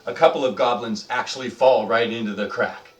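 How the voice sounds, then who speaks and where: A man's voice: medium pitch, steady tone, fairly quick, far from the mic. A man narrating a tabletop game as dungeon master, rambling with lots of fillers. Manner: rambling, filler-heavy, chuckling. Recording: roomy, off-mic, faint music behind.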